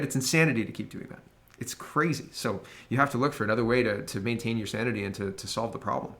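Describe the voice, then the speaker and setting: A man's voice: medium pitch, creaky, fairly bright tone. A young man hosting a solo political commentary show, sarcastic and indignant, laughing at his own jabs. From Canada. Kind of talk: solo political commentary, reading posts aloud.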